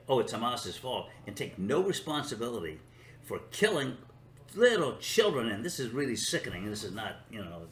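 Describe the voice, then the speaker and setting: This older man's voice is fairly low and a bit bright, recorded in an echoey room with faint hiss or hum. Hosting his own show, he gives a sarcastic, meandering opinion monologue that at times becomes him talking to himself.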